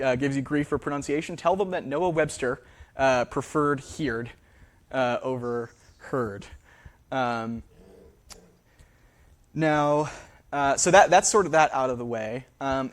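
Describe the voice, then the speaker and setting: A man giving a public lecture in a theater, hesitant and full of fillers, often checking in with the audience. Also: on the high side. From New England. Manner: hesitant, many fillers, frequent "right?" checks.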